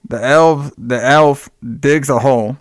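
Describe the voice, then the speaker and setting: A man's voice: medium pitch, unhurried, no echo, studio quality. A young man casually recapping a film plot, rambling and full of fillers. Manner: rambling, many fillers and restarts.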